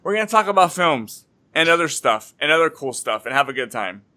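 Man, podcast co-host, bright voice, upbeat, rambling. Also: on the high side, very animated, brisk. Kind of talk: casual chat.

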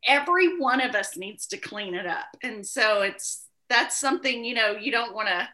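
A woman with a Southern US accent, a podcast host chatting casually and explaining things slowly and thoroughly, laughing often. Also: a little high, expressive, pushed and bright. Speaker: podcast host and teacher trainer.

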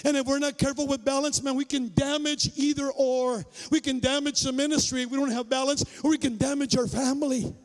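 Male pastor, very high voice, lively storytelling sermon with shouted peaks, reverberant church hall. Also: a little fast, few pauses. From Mexican-American migrant family. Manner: animated, acts out dialogue, shouts for emphasis. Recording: long reverb of a large hall.

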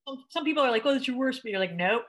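A woman's voice: sits high, expressive, rapid-fire, fairly bright tone. A woman co-hosting a casual podcast chat, playful and teasing. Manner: playful, teasing, quoting others.

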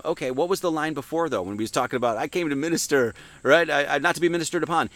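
A man with a slightly high voice teaches scripture in a loose, conversational way. He keeps posing questions and answering them himself, and he lifts his voice when he reads verses aloud. The recording is dry and close, with no room echo. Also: expressive, rapid-fire, few pauses, fairly bright tone. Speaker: teacher giving a Sunday Bible talk. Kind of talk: informal esoteric Bible teaching.

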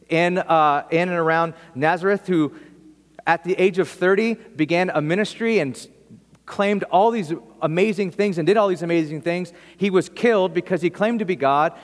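A man's voice: sits high, long reverb tail. A man preaching in a church, casual and conversational, with humorous asides. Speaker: pastor. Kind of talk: sermon.

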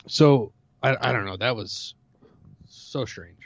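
A man's voice: medium pitch, takes it slowly, dry recording. A married man co-hosting a podcast and discussing a film. He stammers and hesitates, but he holds to his views. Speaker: podcast co-host. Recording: dull dry lo-fi mic.

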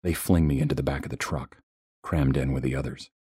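A man narrating a first-person horror story in a tense, measured way. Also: rumbling low, fairly even intonation, warm tone, slightly rough, no room sound, studio quality.

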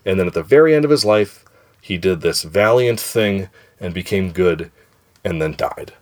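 Very low-voiced man musing aloud. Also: expressive, moderate pace. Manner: muses aloud, hedging and circling back on ideas. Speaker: podcast host. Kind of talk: casual chat.

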